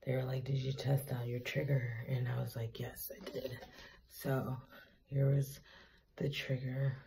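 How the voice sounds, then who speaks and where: Worn-out woman vlogger with a heavy fry and a mellow tone, frank and salty in her retelling. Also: extremely low pitch. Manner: candid, profane, animated retelling. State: tired, teary. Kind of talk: casual storytelling vlog.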